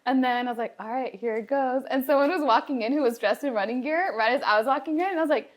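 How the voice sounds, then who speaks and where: Young female co-host, high voice, chatty storyteller full of fillers. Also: fast. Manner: animated storytelling with lots of fillers. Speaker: podcast co-host. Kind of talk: casual chat.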